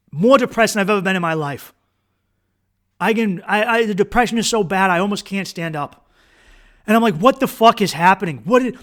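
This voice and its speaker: A man's voice: sits high, a bit bright. A man hosting a podcast, retelling a harrowing personal experience in a raw, profane, intense way with frequent restarts. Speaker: podcast host. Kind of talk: personal storytelling monologue.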